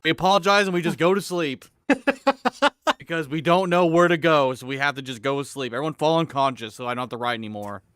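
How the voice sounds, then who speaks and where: A man reads a fan fiction aloud on stream, swinging between mock-dramatic delivery and sardonic asides. His voice is bright and forceful, smooth and clear, recorded dry and close with no room around it. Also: a little high, fast, no room sound. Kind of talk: comedic dramatic reading with commentary.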